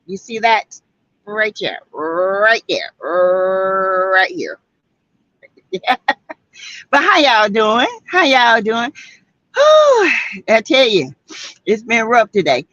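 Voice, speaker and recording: Slow, chatty Southern woman hosting a livestream. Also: medium pitch, big pitch swings, sharp tone, no room sound, muffled recording. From South Carolina. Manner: chatty, greets viewers by name, Southern casual speech. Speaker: livestream host. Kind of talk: casual livestream chat reading viewer comments.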